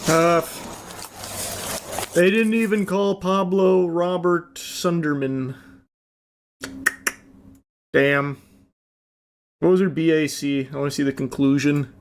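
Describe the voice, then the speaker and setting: A man's voice: fairly high pitch, steady tone, takes it slowly, long pauses, a little hiss or hum. A man in his thirties giving casual reaction commentary on videos, with dry, blunt remarks and some swearing.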